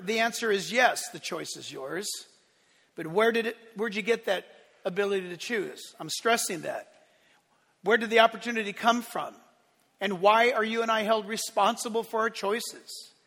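A man pastor preaching a sermon in an animated, playful way, acting out voices with shouts and laughter. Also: sits high, moderate pace, gravelly. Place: church sanctuary. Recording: long church hall reverb.

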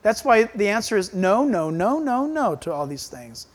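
A man preaching a sermon as pastor, emphatic and animated, acting out quoted voices. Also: sits high, normal speed.

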